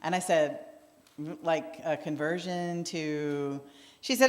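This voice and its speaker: A woman's voice: deep voice, steady tone, slow, darkish tone. A woman minister giving a sermon in a conversational storytelling manner, acting out the voices of people she quotes. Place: church sanctuary. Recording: long reverb of a church hall.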